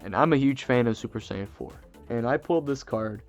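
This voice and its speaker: Male host, mid pitch, chatty and excitable, rambling storyteller; faint music underneath. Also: a little fast, highs cut off. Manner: excitable, rambling, many fillers and restarts. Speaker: channel host. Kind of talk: casual storytelling to camera.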